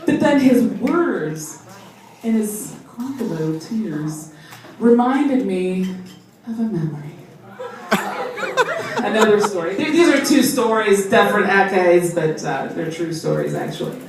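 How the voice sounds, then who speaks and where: Lively woman comic in an echoey club. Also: mid-range voice, unhurried, crowd noise. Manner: animated, laughing through lines, acting out voices. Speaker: stand-up comedian. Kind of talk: stand-up storytelling. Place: comedy club. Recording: echoey club room from far off, audience noise.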